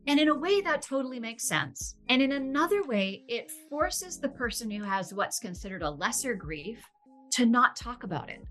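A woman speaks as a podcast guest in a fairly high, bright, forward voice. She is earnest and expressive, often laughing and using casual fillers. Soft music sits faintly underneath. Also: normal speed. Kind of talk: conversational podcast interview.

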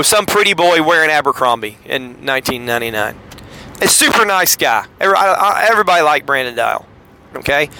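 A middle-aged man, telling a wry, sarcastic story in a casual podcast monologue. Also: rough recording. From Southeastern United States. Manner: wry, sarcastic storyteller with lively pitch swings. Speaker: podcast host.

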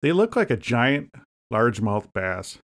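A man co-hosting a casual comedy podcast, rambling through deadpan jokes and asides. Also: mid-range voice, a little slow. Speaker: podcast co-host.

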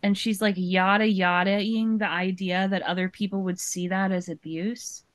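A woman co-hosting a podcast, talking through her reaction in loose, questioning chat full of "like" and "you know." Her voice sits at an ordinary middle pitch. The sound is close and dry, with no room to it. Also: flat delivery, normal speed, no echo. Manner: thinking aloud, questioning, many fillers. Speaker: podcast co-host.

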